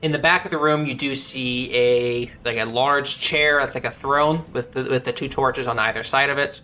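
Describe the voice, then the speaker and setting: A man running a tabletop game as dungeon master, narrating the action and reading rules aloud in a steady, explanatory way. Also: medium pitch, normal speed, faint music behind.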